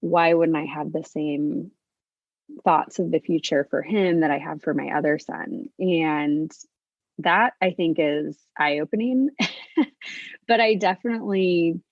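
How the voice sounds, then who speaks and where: Middle-aged woman, podcast guest, low voice, earnest and reflective, dull dry recording. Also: no echo. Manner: earnest, reflective, speaks in halting restarts. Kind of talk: conversational interview. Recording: dull, slightly lo-fi dry audio.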